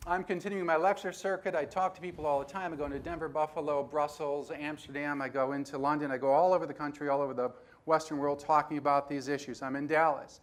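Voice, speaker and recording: Animated older man telling a story on stage. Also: fairly high pitch, fast. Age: 60s. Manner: animated storyteller who acts out dialogue. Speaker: conference speaker. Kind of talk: storytelling keynote talk.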